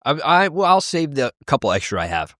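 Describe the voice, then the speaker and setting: A man co-hosting a casual podcast, easygoing and quick to laugh, restarting his sentences as he talks. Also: a little high, very animated, a bit bright, dry recording, clean studio sound. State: short on sleep. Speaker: podcast co-host. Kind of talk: casual chat.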